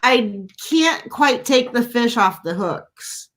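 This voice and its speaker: A woman hosting a podcast in casual chat, telling stories in an animated, self-mocking way. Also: a little high, slow. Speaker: podcast host.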